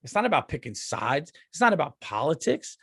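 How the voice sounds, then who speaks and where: A man's voice: a little high, big pitch swings, a little fast, vocal fry, a bit bright, breathy edge, no echo, studio quality. A middle-aged man, a comedian hosting his podcast, ranting in a casual, profane monologue and often repeating himself.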